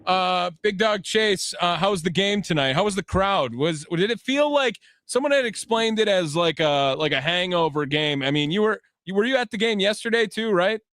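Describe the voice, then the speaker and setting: Man, sports radio host, upbeat banter, fairly high voice, dry studio sound. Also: animated, moderate pace, hardly any pauses, a bit bright, no room sound. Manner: upbeat, keeps calling the caller by nickname. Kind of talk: call-in sports talk. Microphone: studio microphone.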